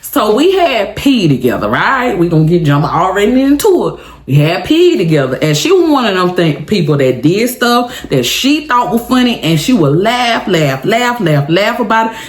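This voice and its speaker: At a normal speed and medium pitch, a woman recounts a story to her viewers in a relaxed vlog chat, laughing frequently. She addresses them directly with animated, dramatic energy, and the recording sounds roomy.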